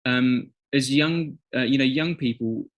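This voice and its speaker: A middle-aged man with an English accent, a guest on an interview podcast, telling stories with animated acted-out quotes. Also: mid-range voice, measured pace, muffled recording. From England. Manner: animated storyteller, acts out quotes. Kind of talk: conversational interview.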